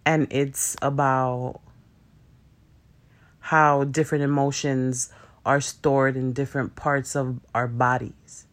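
A man's voice: mid-range voice, little pitch movement, takes it slowly, fairly bright tone. A young man talking casually to viewers about emotions and spiritual growth, rambling with slang, fillers and swearing. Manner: loose, rambling, conversational with frequent fillers and profanity; speaks in slang with dropped verbs. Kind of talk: casual spiritual self-help talk to viewers.

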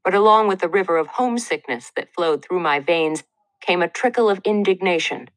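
Brief: woman narrator, earnest, measured audiobook read, lower voice, dead-dry booth sound. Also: no echo, poor audio. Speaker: narrator of a memoir.

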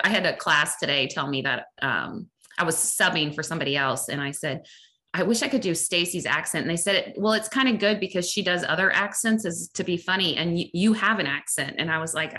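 A woman in her forties with a Southern American accent chats as a guest on a podcast. Her voice sits low but sounds bright and forceful. She talks in long, rambling stretches and laughs easily. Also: lively intonation, normal speed. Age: 40s. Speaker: strength and conditioning coach. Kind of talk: casual podcast interview.

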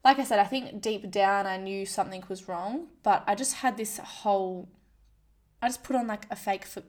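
A woman's voice: medium pitch, normal speed. A woman speaking in a candid personal monologue, frank and self-deprecating, often quoting her own inner voice. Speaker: vlogger sharing a personal story.

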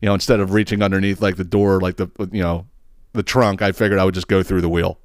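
A man's voice: sits low, level tone, fast talker, no echo, clean studio sound. A man hosting a podcast, telling a story casually, rambling, swearing often and laughing at himself. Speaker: podcast host.

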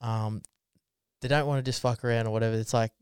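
A man chats loosely on a podcast, swearing freely and breaking into laughter as he rambles. His voice is smooth and resonant, recorded dry and close with no room sound. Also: mid-range voice, steady tone, quick pace, a little mellow, dry recording. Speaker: podcast co-host. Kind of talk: casual chat.

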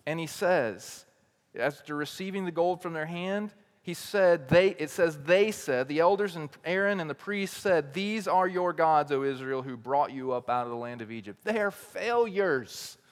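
High-voiced preacher in a reverberant hall. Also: male voice, lively intonation, moderate pace. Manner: dramatic swings from quiet, low emphasis to loud, raised declarations; repetitive, rhetorical questioning. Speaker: teaching pastor. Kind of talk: sermon.

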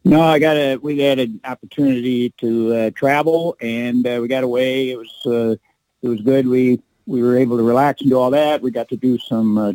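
A middle-aged man, a guest on a radio show, talking haltingly with many fillers and small jokes. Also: mid-range voice, warm tone, dry recording, low-quality recording. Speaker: political club representative, radio guest. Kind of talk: casual radio interview.

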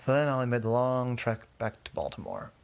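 A man narrating a detective tale in a relaxed, rambling way. His voice has a gravelly rasp and sits in a middle pitch. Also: brisk. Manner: relaxed, rambling, self-correcting. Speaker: storyteller. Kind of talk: casual storytelling.

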